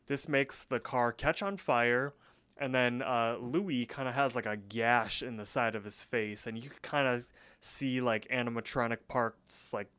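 A man's voice: mid-range voice, fairly even intonation, unhurried, fairly bright tone, no room sound. Chatty young man recapping a cartoon. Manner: chatty, many fillers, acts out quotes. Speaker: podcast co-host. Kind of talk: casual episode recap.

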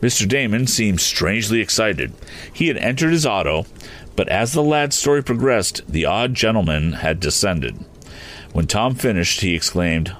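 A man narrating a storybook chapter in an expressive reading style. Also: lowish voice, moderate pace. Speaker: audiobook reader.

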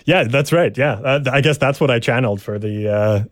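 A man's voice: mid-range voice, brisk, dry recording, clean studio sound. A man co-hosting a casual podcast chat, laid-back and drawling his words. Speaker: podcast co-host.

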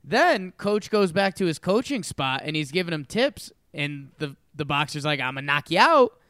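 Man, slightly high smooth voice, animated co-host storyteller, dry close sound. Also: moderate pace, dry recording. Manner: animated, acts out quoted voices. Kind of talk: casual chat.

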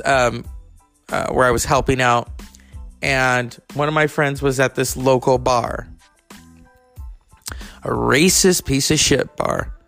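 A man's voice: mid-range voice, vocal fry, a bit bright. A man from California hosting his own podcast, rambling through stories with profane, chatty asides. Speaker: podcast host. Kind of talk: casual monologue.

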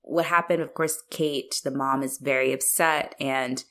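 A woman's voice: very deep voice, level tone, a little slow, fairly bright tone. A woman co-hosting a casual film chat, recapping the plot with frequent laughter and casual swearing. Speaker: podcast co-host.

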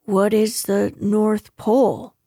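A woman doing Pooh, a slow gentle bear. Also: medium pitch, little pitch movement, no room sound, clean studio sound. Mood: puzzled. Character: simple, cheerful honey-loving bear.

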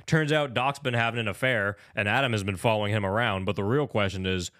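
A man casually recapping a film on a podcast, animated and exasperated, swearing freely and acting out the characters' lines. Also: fairly low pitch, fast talker, no room sound, clean studio sound. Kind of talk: casual profane movie recap chat.

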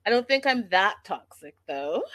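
A woman recaps reality TV in a sassy, animated way and speaks directly to the viewers. Her pitch sits in the middle range. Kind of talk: casual recap commentary.

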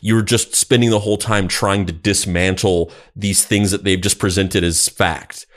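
A man's voice: low-pitched, steady tone, moderate pace. A man co-hosting a podcast, chatting casually and rambling with many fillers and restarts. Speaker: podcast co-host. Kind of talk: casual chat.

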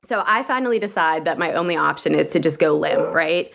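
A woman's voice: low-pitched, a little fast, gravelly. A young adult woman from Pennsylvania, calling in to tell a personal story in a casual, vivid way. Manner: vivid, lively retelling with quoted inner thoughts. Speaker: caller telling a story.

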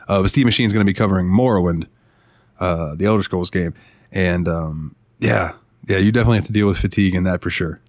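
A man's voice: deep voice, quick pace, no echo. A man hosting a casual podcast, chatty and laughing often, full of "like" and "uh" fillers. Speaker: podcast host.

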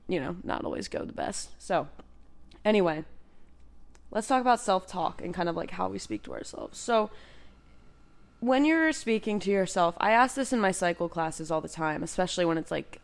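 A young woman who is a cycling instructor hosts a casual self-help podcast, chatty and encouraging, addressing her listeners directly and saying "like" and "you know" a lot. Her medium-pitched voice is clear and resonant.

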